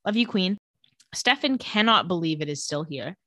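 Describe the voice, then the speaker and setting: A woman's voice: on the low side, dry recording. Woman, young adult, podcast co-host, casual recap, acts out quotes, dry close sound. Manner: animated, acts out characters' lines in quick voices.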